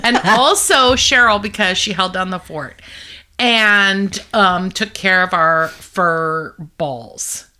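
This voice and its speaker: A woman's voice: mid-range voice, takes it slowly, bright, forceful tone. A woman co-hosting a podcast in casual chat, jokey and teasing, laughing often. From United States. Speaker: podcast co-host.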